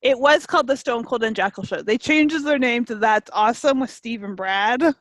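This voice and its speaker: A Canadian woman chats away on a podcast, fillers and giggles spilling through her stories. Her voice sits a touch high and the room around her is dry and close. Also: normal speed, dry recording. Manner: chatty, laughs often, many fillers. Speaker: podcast co-host. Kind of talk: casual chat.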